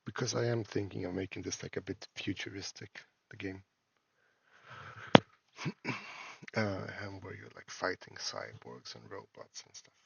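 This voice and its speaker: A man, an indie game developer and a father, talks through his game in a casual devlog, halting and full of fillers and restarts. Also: on the low side, fairly even intonation, vocal fry, fairly bright tone, a little hiss or hum. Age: adult, a parent. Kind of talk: casual screen-recorded devlog.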